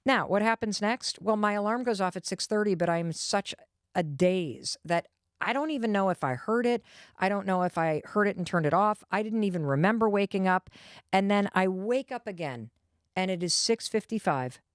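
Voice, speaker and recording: A woman host tells a personal story, leaning in with lively, confiding energy and frequent asides to the listener. Her voice sits in a middle range and sounds dry and close to the mic. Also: medium pitch, moderate pace, dry recording.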